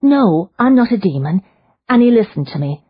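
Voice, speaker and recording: A woman reading an audiobook voices a calm, determined young Victorian heroine who speaks gently but firmly. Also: medium pitch, normal speed, slightly rough, phone-quality sound, pitched above the performer's own voice. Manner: gentle but firm, soothing. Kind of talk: audiobook character voice.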